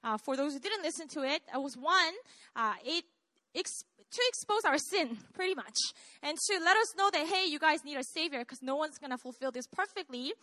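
A woman pastor with a Korean accent delivers a live church sermon in a high, bright voice. She stays chatty and self-deprecating and keeps turning to the congregation with questions. The sound is dry and close, with no room echo. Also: lively intonation, brisk.

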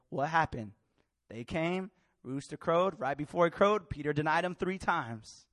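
A man preaching a sermon in a lively, colloquial way, acting out scenes with slangy voices. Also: a little high, measured pace, no room sound. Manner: animated, colloquial, acts out Bible characters in street slang.

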